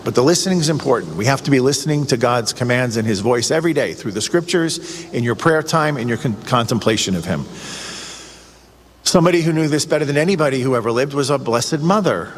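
A man preaching a sermon in an earnest way, asking the listener questions and growing excited. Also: mid-range voice, fairly quick, breathy edge. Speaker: priest or preacher on a radio show. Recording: long reverb, faint ambient noise.

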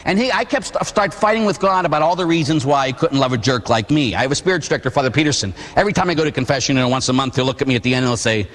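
A man from Pittsburgh giving a Catholic testimony sermon, telling a personal story with comic, animated energy. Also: medium pitch, rapid-fire, few pauses. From Pittsburgh, USA. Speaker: Catholic preacher. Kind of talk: testimony sermon to a live audience. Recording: long hall reverb.

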